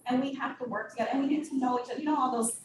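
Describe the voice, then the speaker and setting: A woman's voice: high voice, fairly even intonation, rapid-fire. A woman speaking candidly to a meeting, telling a personal story and laughing often. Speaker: guest speaker. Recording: echoey room from far off with noise.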